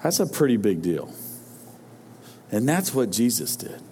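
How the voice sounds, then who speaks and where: A man's voice: mid-range voice, sing-song, unhurried, mellow, slight background noise. A man preaching a sermon to his congregation, talking in a loose, conversational way and often stumbling over repeated words as he restarts his sentences. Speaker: pastor.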